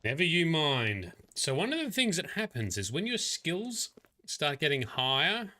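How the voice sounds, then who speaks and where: Man, livestreamer, chatty gameplay commentary, bright tone, laughs a lot. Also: fairly high pitch, big pitch swings, normal speed. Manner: chatty, laughs often, playful.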